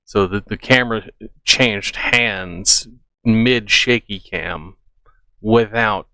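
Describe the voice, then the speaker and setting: A man's voice: fairly low pitch, slow pace, pushed and bright, clean tone, no echo. A man hosting a reaction video, giving casual, skeptical commentary as he debunks what he watches.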